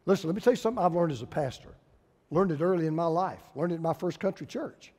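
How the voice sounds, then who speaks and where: A male pastor, preaching a sermon with folksy humor and lively storytelling. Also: on the high side, fast, long reverb tail.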